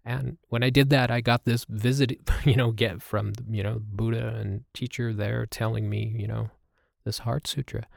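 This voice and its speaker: A man telling a reflective personal story as a host, halting and with many fillers. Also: mid-range voice, level tone, gravelly, no room sound, studio quality. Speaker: podcast host. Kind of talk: personal storytelling about meditation.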